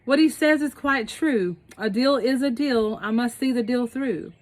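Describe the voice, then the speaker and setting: A woman's voice: fairly high pitch, unhurried, natural voice. A woman voicing a large, honest, tired male elephant in a storybook reading, pleading and put-upon.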